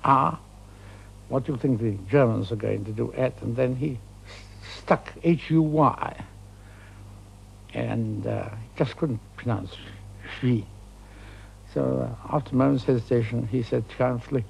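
Older man, gravelly husky reminiscence. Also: mid-range voice, measured pace, long pauses, poor audio. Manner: hesitant anecdotal storytelling with many fillers. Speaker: veteran interviewee. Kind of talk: archival interview recollection.

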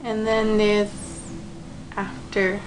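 A woman's voice: mid-range voice, level tone, extremely slow. A young woman reacting to a music video in a casual vlog, chatty and rambling, gushing and giggling like a fan.

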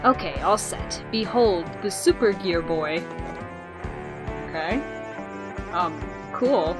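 A woman commentating as she plays a video game, excitable and quick to swear when surprised. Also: on the low side. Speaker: gamer. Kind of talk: let's play commentary. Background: game music.

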